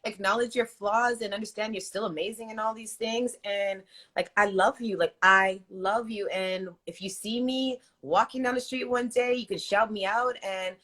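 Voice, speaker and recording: Soft-spoken bright woman on a phone. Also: medium pitch, steady tone, moderate pace, hardly any pauses. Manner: soft, warm and affirming, with many fillers. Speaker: guest singer. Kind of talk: casual livestream interview chat. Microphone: phone held in hand.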